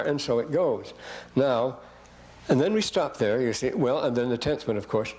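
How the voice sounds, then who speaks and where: A man's voice: medium pitch, animated, moderate pace, a little mellow, slight background noise, low-quality recording. An older man giving a classroom lecture, reading verses aloud and breaking in with rambling comments to his students.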